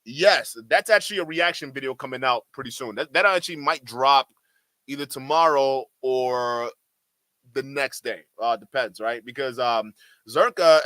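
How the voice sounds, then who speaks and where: High-pitched guy w a bit of a stutter ranting on stream, bright tone, mocks ppl. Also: dry recording. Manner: mocking, mimics others in exaggerated voices; stutters at times. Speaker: streamer reacting to a livestream clip. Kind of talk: heated reaction commentary.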